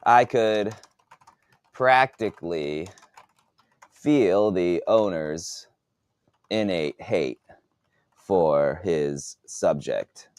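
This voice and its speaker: Casting: low-voiced male author, halting dictation, dry close sound. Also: a little mellow, dry recording. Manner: halting, repeats words while composing. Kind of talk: dictating a novel draft aloud.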